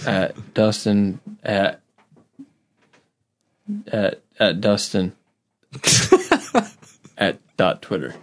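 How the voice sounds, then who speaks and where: Low-voiced man with teasing asides. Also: wildly swooping pitch, drawn-out words, pauses often, a little hiss or hum. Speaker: podcast co-host. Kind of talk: casual chat.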